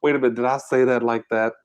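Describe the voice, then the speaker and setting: A man's voice: medium pitch, steady tone, fast talker, clear, resonant tone. A man hosting a live-stream trivia game, reading questions aloud and bantering casually with his chat. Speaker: mukbang host running a live trivia game.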